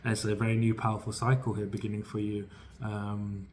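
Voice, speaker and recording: A man's voice: fairly low pitch, level tone, a little fast, a little mellow, slight background noise, poor audio. A man giving a casual, rambling tarot reading, full of fillers and repeated phrases. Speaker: tarot reader.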